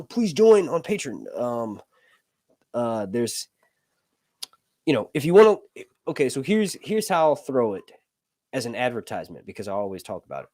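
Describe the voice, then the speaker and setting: A man's voice: on the high side, darkish tone, no echo. An American man hosting a casual livestream, rambling, correcting himself and joking as he talks. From United States. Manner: rambling, self-correcting, jokey. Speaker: livestream host.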